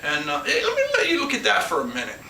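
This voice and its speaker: A man's voice: a little high, wildly swooping pitch, quick pace, vocal fry, pushed and bright, far from the mic. A man hosting his own channel, talking in a casual, rambling monologue full of restarts and asides. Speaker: collector and channel host. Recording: echoey room, off mic, faint background hum.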